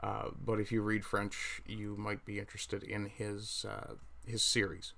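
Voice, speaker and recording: Hosting a relaxed livestream chat, a middle-aged Newfoundland man rambles and corrects himself, making chatty asides while clicking through pages. He speaks in a lowish voice with vocal fry at a measured pace.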